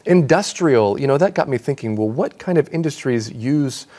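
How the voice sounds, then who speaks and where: A man co-hosting an English lesson, explaining words in a relaxed, chatty way with everyday fillers. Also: medium pitch, moderate pace. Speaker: English teacher co-host. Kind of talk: casual classroom explanation.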